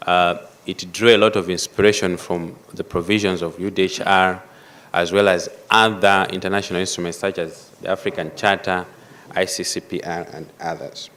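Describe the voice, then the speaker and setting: Measured man giving a formal speech. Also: low-pitched, flat delivery, a bit bright. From Malawi. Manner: measured, emphatic, repeats key phrases. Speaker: conference speaker. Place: conference hall.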